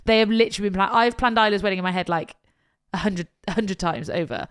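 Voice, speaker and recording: A woman's voice: mid-range voice, quick pace, clean tone. A woman co-hosting a podcast in casual chat, telling stories with frequent laughter and emotion. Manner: chatty storyteller, laughs often, emotional. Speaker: podcast co-host, wedding planner.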